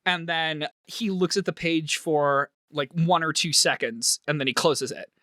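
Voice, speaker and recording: A man narrating a tabletop role-play game as game master, animated and laughing often. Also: on the high side, unhurried, no echo, studio quality.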